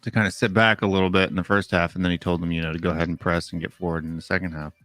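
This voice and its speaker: A man hosting a casual call-in show, quick to agree and chatting in a relaxed, friendly way. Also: low-pitched, no room sound. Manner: agreeable, quick affirmations, animated impressions. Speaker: host.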